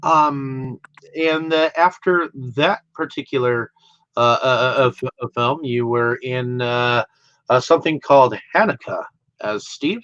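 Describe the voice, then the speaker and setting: A man hosting an interview, asking questions haltingly with many fillers and laughing along with his guest. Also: medium pitch, fairly bright tone, no room sound. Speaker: interview host. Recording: dull dry audio.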